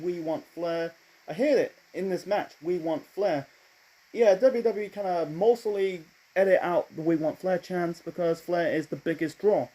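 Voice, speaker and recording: Man, casual review, rambling, self-correcting, mellow tone, slightly high voice. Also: poor audio. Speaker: wrestling reviewer.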